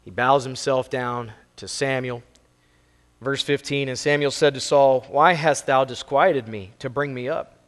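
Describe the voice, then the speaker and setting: A man's voice: mid-range voice, fairly even intonation, measured pace. A man preaching a sermon as pastor, working verse by verse through scripture in a plain, conversational way. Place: church sanctuary. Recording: long hall reverb.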